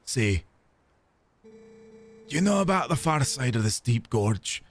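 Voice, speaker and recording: A man's voice: mid-range voice, big pitch swings, slow, soft background music, heavily acted. A man reading game dialogue aloud, voicing a confident, friendly man with a put-on Scottish accent who urges the hero across a gorge. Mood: persuasive.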